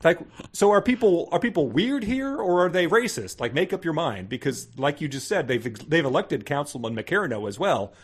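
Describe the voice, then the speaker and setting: A man's voice: fairly high pitch, big pitch swings, brisk, few pauses, husky. Sarcastic man recapping a book. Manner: dry, sarcastic recapping with chuckles. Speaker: podcast co-host. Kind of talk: casual comedic book review.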